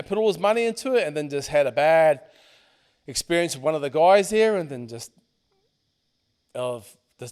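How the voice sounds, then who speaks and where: A middle-aged man, a podcast guest, telling stories in a casual, animated way and swearing freely. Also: fairly high pitch, clean tone. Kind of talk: casual storytelling.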